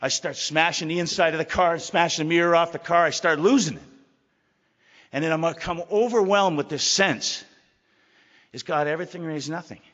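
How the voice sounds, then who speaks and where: A man's voice: on the high side, a little fast, a bit bright. A middle-aged man giving a candid, rambling personal talk at a recovery meeting, often repeating his words. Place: meeting hall. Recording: lo-fi hall recording.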